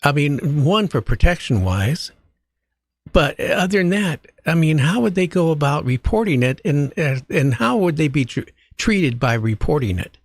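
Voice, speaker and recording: A show host with a husky voice asks questions in a conversational way, his pitch rising and falling a lot. The recording is dry and close. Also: big pitch swings, normal speed, no room sound. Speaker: late-night show host. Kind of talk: casual interview talk.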